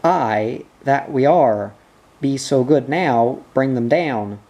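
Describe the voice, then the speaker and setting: A man's voice: medium pitch, slow, highs cut off. A man reading the part of a cheerful ship's mate with a Welsh accent.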